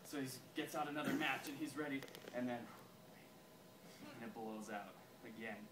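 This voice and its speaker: A man casually pitching a story to a group, laughing often and restarting his sentences. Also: noisy background. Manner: giggly, keeps breaking into laughs; halting, many restarts. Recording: echoey room, far from mic, crowd around.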